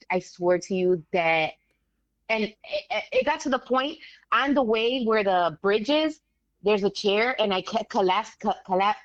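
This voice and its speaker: A woman, a guest telling a story in casual animated talk, acting out the voices of others. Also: mid-range voice, no echo, muffled recording. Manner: animated, acts out quoted voices, swears casually.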